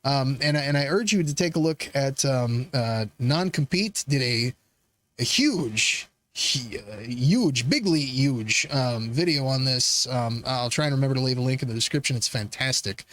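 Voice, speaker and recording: A man rants as he reacts to clips, swearing and sneering, tripping over his own words. His pitch leaps up and down all the time, and the sound is close and dry. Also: lively intonation, normal speed, fairly bright tone, dry recording. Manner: profane, sarcastic, rambling with many restarts. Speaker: host reacting to political clips. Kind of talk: profane ranting commentary.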